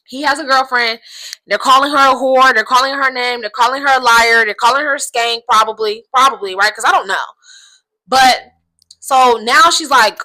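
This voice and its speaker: Young woman vlogger, forceful bright tone, outspoken casual commentary. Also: sits high, poor audio. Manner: emphatic, keeps asking "right?"; outspoken, swears freely.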